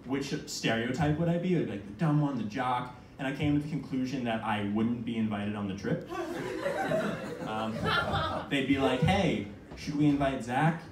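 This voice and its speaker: A young man in his twenties performing a stand-up comedy set, telling self-mocking stories with quick asides. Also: mid-range voice. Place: small comedy venue with audience. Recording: echoey room from a far mic, noisy.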